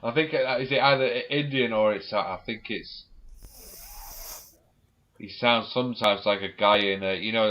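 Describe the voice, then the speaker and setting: Low-voiced rambling man, swearing. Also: moderate pace. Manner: rambling storyteller, swears freely, laughs often. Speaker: podcast co-host. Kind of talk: casual chat. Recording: dull lo-fi recording.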